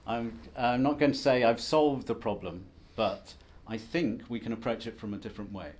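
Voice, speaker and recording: A man's voice: mid-range voice, fairly even intonation, moderate pace, a little mellow. A man giving a conference presentation as an academic, lecturing in a wry, self-deprecating, conversational way. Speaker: academic speaker.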